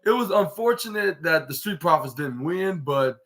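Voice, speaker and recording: At normal speed, a man with a fairly high, expressive, somewhat bright voice hosts a podcast recapping wrestling. He rambles casually, leans heavily on "like" and restarts, and acts out the wrestlers' words.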